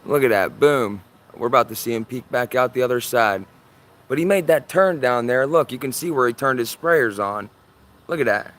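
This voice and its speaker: Excitable man livestreaming from his yard. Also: mid-range voice, normal speed. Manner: excitable, repeats himself, urgent. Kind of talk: live sky-watching commentary.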